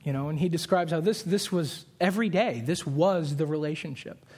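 A young man preaching from a pulpit, his voice sitting a little high for a man. He tells stories with animated put-on voices and quick asides, then turns earnest and repeats his key lines for emphasis. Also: breathy edge. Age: 20s. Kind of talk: sermon.

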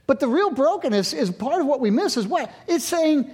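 A man in his sixties, a pastor preaching a sermon, moving from loud emphatic lines to hushed near-whispers. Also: extremely high pitch, expressive, normal speed, few pauses.

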